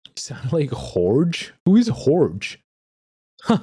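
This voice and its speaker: A young man livestreaming, chatting casually and excitably with viewers and reading chat aloud. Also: on the high side, takes it slowly, breathy edge. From Australia.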